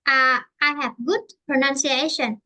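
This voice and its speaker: A Vietnamese-accented woman teaching English online with a high, bright, forceful voice. She speaks haltingly, repeating and rephrasing her points as she explains. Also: steady tone.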